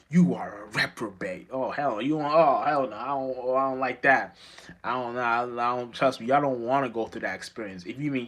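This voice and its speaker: A man's voice: medium pitch, a bit bright. A man giving an unscripted spiritual monologue as a vlogger, rambling and profane, with many restarts and stammers.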